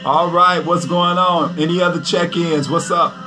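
A man's voice: fairly high pitch, steady tone, moderate pace, over music. A man, a pastor and prophet greeting viewers on a livestream, upbeat and chatty, repeating his greetings.

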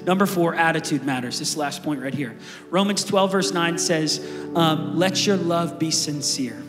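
Male pastor, high-pitched, casual and energetic sermon delivery, recorded on a stage mic in an echoey church hall. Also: moderate pace, music in the background. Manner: conversational, energetic preaching with asides to the congregation. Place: large church auditorium.

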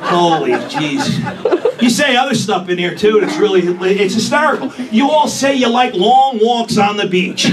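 Brash high-voiced male stand-up comic. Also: animated, unhurried, a crowd in the background. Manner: brash, crude, punchy delivery. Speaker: stand-up comedian. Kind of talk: stand-up comedy set. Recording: distant mic with room noise.

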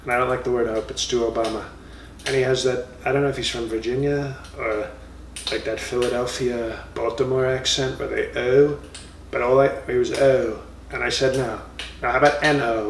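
A blustering former president rambles and boasts, handing out mocking nicknames, as a man puts him on. The voice sits at a middle pitch and sounds a little distant from the mic, in a roomy space with faint ambience behind. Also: a bit bright, slight background noise, lightly acted. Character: comic impression of a blustering former male president. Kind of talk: comedy impression monologue.

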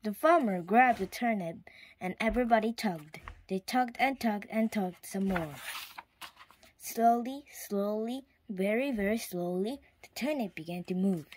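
A woman reading a children's picture book aloud in a clear storytime manner, now and then dropping to a whisper. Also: mid-range voice, measured pace, slight background noise. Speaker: storybook reader.

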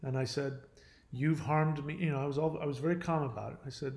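A man's voice: on the high side, fairly even intonation, fairly quick, reverberant. A man hosting his own channel, talking earnestly and confidingly to the viewer in a casual way, often restarting and trailing off. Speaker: channel host. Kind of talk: casual personal talk to camera.

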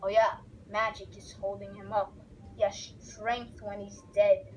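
A young woman giving rambling, excitable let's play commentary as she narrates a game aloud. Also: mid-range voice, unhurried, a little hiss or hum, rough recording. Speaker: gamer.

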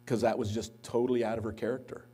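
Speaking quickly in a mid-range, slightly rough voice, a man who seems to be a pastor delivers a eulogy at a church memorial service in the sanctuary. He strings together anecdotes and gets lively when he quotes other people.

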